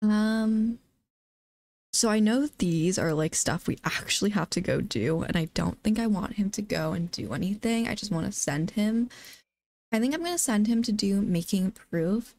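Excitable woman with a gravelly voice. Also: mid-range voice, moderate pace. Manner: excitable, keeps exclaiming. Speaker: let's play host. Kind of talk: casual gameplay commentary.

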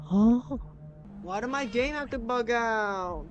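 A man's voice: very high-pitched, takes it slowly, faint music behind. A young man hosting a horror game let's play, easily startled and talking to himself and his viewers as he goes. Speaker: gaming channel host.

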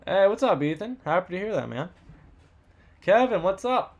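A man hosting a live card box break, rattling off buyer names and teams in quick upbeat banter while losing his voice. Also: high-pitched, big pitch swings, muffled recording, faint music behind.

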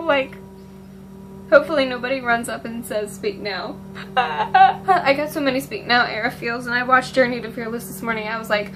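A woman's voice: a little high, normal speed, music in the background, low-quality recording. A teenage girl vlogging casually, rambling and gushing with lots of ums. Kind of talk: casual fan vlog.

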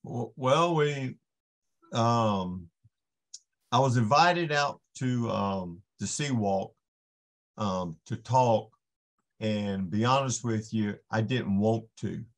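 A man, a ministering guest on a faith podcast, telling a personal story and acting out the voices in it. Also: lowish voice. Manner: unhurried storytelling, acts out the voices in his story. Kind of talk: casual storytelling testimony.

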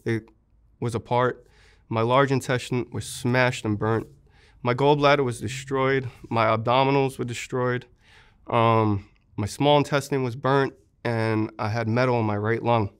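A man's voice: mid-range voice, smooth. A young man, a war veteran, earnestly recounting how he was wounded, in an interview, with many fillers.

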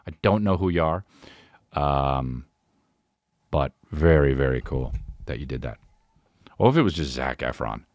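A man hosting a podcast, telling a rambling, swearing story in casual chat with animated impressions. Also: a bass voice, measured pace, long pauses, dry recording, clean studio sound. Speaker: podcast host.

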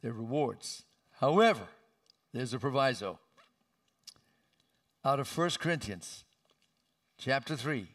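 A male pastor preaching a sermon with emphatic delivery and sudden loud, high outbursts, recorded in a church sanctuary. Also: animated, slow, long pauses, far from the mic.

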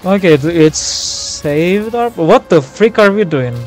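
A young man streaming a war game live, reacting loudly, swearing and yelling at his teammates. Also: high-pitched, animated, slow, faint music behind. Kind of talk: live gameplay commentary.

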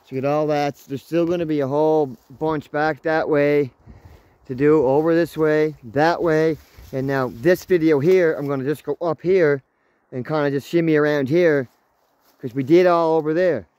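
A man in his thirties vlogging while hiking through the woods, excitable and swearing freely, talking to his dog as he goes. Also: a little high, normal speed, clean tone, no room sound. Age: 30s. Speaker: outdoors vlogger. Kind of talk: casual walking vlog. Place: outdoors in woods.

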